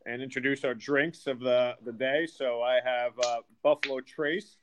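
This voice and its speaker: A man's voice: medium pitch, fairly even intonation, normal speed, noisy background. A man co-hosting a podcast in casual chat, friendly and steering the conversation. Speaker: podcast co-host.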